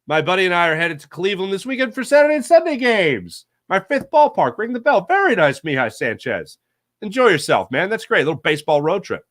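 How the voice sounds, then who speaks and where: A man hosts a loose sports talk stream, working through viewer comments with rambling, jokey asides and quick self-corrections. His voice sits a little higher than most men's. The sound is dry and close, with no room around it. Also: sing-song, a bit bright, dry recording. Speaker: sports talk show host. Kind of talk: casual live-stream chat reading viewer comments.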